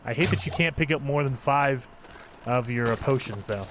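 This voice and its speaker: A man streaming a video game live, chatting in excitable, rambling asides about what he sees. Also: mid-range voice, normal speed, background noise. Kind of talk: live gameplay commentary. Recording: over game music.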